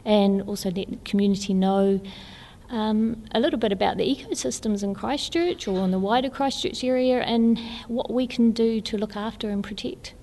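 Nz woman explaining her enviro hub, calm and informative, mellow tone, echoey long reverb. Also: medium pitch, normal speed. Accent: New Zealand. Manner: informative, steady with fillers. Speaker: community environmental hub coordinator. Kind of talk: interview answers. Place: kiosk in botanic gardens.

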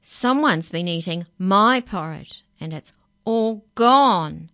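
A woman's voice: mid-range voice, lively intonation, slow pace, fairly bright tone, no room sound, clean studio sound. A woman reading the lines of a small young male bear cub in a storybook. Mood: plaintive.

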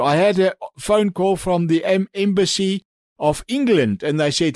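A man preaching on the radio as a pastor, telling an animated story and calling his listeners friends. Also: high voice, normal speed, no echo, clean studio sound.

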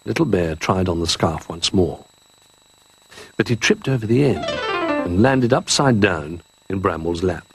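A man narrating a children's storybook in an expressive, gently paced reading. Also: deep voice, unhurried, soft background music.

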